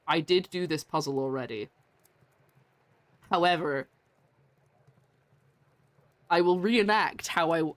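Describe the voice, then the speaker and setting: In a dry recording, a low-voiced woman giggles and chats through a streamed game. She's talkative and pokes fun at herself.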